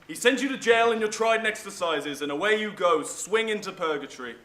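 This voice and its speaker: A young man playing a cocky gentleman in disguise who mocks and threatens. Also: high-pitched, expressive, fairly quick. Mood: mocking. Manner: mocking, threatening. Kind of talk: stage acting in a school play. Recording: echoey stage with faint hiss.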